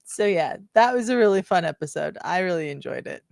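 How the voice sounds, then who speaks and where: Woman, podcast co-host, calm plot summary, lower voice, dry close sound. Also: brisk, creaky, dry recording. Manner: calm and agreeable, sums up the plot. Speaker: podcast co-host reviewing a sitcom. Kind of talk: casual recap chat.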